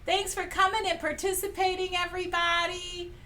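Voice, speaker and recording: A woman's voice: extremely high pitch, little pitch movement, normal speed. A woman hosting a live painting stream, chatting cheerfully with viewers as she draws prize winners and laughs often. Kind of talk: casual live-stream chat, running a prize drawing. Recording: a little distant from the mic, faint room noise.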